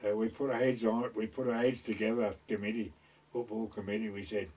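A man's voice: on the low side, steady tone, brisk, darkish tone. Rambling old man, far off mic. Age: older. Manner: rambling, folksy, acts out quoted people. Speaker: village elder recalling the past. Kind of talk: oral history storytelling.

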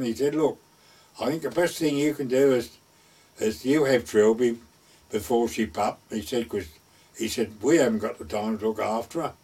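A man's voice: mid-range voice, a little mellow, breathy edge, far from the mic. An older man casually reminiscing in a rambling retelling, repeating "I said" and "he said.". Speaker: storyteller.

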